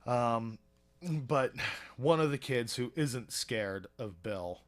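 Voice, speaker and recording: A man's voice: mid-range voice, animated, takes it slowly. A man co-hosting a podcast, retelling a TV episode in a loose, chatty way, with many fillers and small chuckles. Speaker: podcast co-host. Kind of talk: casual episode recap chat.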